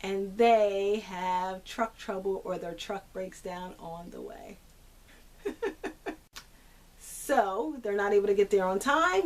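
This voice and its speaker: A woman vlogger telling a long, frustrating story to camera, animated and exasperated, laughing now and then. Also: mid-range voice.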